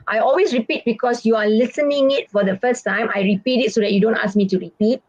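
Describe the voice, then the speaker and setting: A woman's voice: mid-range voice, fairly quick, hardly any pauses, no room sound, muffled recording. A woman teacher coaching students for a speaking exam, chatty and repeating her points with many fillers. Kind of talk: online exam-prep lesson.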